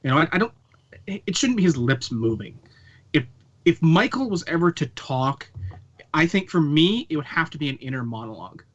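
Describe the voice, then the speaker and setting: A man's voice: a little high, very animated, normal speed, lo-fi sound. A man in a casual video-call chat, talking emphatically with an exasperated edge.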